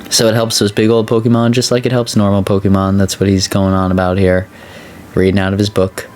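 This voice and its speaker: Low-voiced guy rambling through a game, excitable, faint noise behind. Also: a little fast. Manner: chatty, excitable, voice jumps high when excited. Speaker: let's play host. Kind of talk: casual gameplay commentary.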